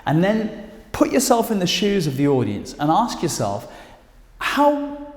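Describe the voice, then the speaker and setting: A man with a British accent teaching presentation skills straight to camera, speaking emphatically with lively intonation. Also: fairly high pitch, moderate pace. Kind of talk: direct-to-camera instructional talk. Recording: echoey room with long reverb.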